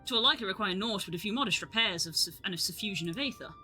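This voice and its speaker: A woman's voice: mid-range voice, expressive, fast talker, bright, forceful tone, faint music behind. A woman voicing a verbose male scholar who talks in old-fashioned Shakespearean phrasing, reading game lines aloud. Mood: solemn.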